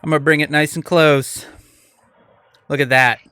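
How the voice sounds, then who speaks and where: A man's voice: fairly high pitch, steady tone, moderate pace, sharp tone, clear, resonant tone, no echo, studio quality. A man in his thirties co-hosting a casual live-stream podcast, joking wryly and talking while he eats. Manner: wry, joking, talks while eating. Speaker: podcast co-host.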